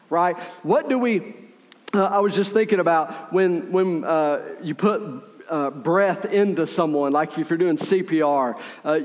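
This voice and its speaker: A man with a fairly high voice preaches a sermon in an easygoing, conversational way, checking in with his listeners as he talks. His voice rings out with long reverb, as in a big hall. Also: muffled recording. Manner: conversational preaching, frequent "right?" asides. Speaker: pastor.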